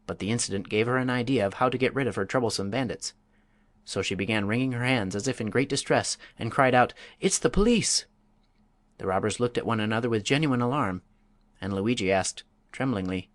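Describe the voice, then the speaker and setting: A man narrating a classic story as an audiobook, in a measured, even storytelling voice. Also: fairly low pitch, no echo.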